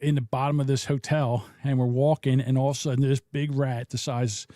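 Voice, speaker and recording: A man's voice: medium pitch, flat delivery, a little fast, dark tone, dry recording, clean studio sound. A middle-aged man, co-hosting a casual podcast and telling jokey stories. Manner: storytelling, jokey. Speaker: podcast co-host. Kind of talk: casual chat.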